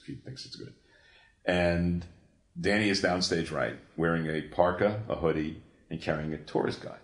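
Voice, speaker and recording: A man in an interview, telling a long story in an animated, profane way, full of restarts. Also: low voice. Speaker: guest, comics creator. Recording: echoey room.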